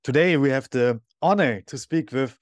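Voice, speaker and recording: A man hosting a podcast, asking friendly questions at a measured pace. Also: mid-range voice, no room sound. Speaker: podcast host. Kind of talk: interview hosting.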